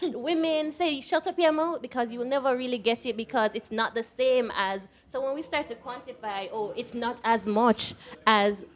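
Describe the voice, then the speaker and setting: A woman's voice: fairly high pitch, moderate pace, few pauses. Opinionated young Jamaican woman. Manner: opinionated, emphatic. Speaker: podcast co-host. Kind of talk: casual chat.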